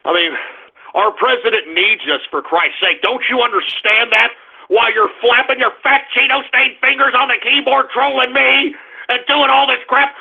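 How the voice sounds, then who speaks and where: A man's voice: extremely high pitch, fairly even intonation, normal speed, creaky, breathy edge. A man hosting a political talk radio show, ranting angrily and cursing at online trolls. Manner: ranting, profane, combative, shouting at trolls. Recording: tinny phone-like lo-fi sound.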